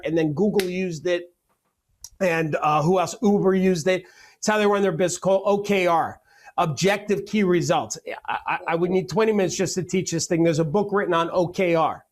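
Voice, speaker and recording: Brief: middle-aged male coach on a webinar call, high voice, fast joking delivery. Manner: energetic, joking, rapid-fire. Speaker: real estate coach. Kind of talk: webinar teaching.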